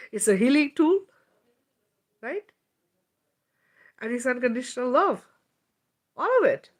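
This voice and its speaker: A woman's voice: fairly high pitch, animated, normal speed, long pauses. A woman giving a spiritual healing talk in a casual, emphatic way, swearing freely, laughing, and often checking in with "right?". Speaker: spiritual teacher. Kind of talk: spiritual teaching monologue.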